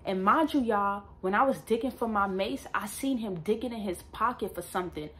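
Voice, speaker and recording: A young woman vlogger at home, telling a personal story to camera in an emphatic, animated way and often addressing her viewers directly. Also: mid-range voice, fairly quick. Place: at home with a dog nearby.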